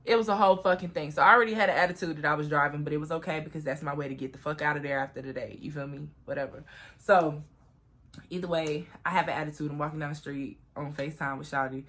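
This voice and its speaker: Young female vlogger with a low voice; chatty, profane story told straight to camera. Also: fast talker. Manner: profane, animated, chatty, addresses viewers as y'all.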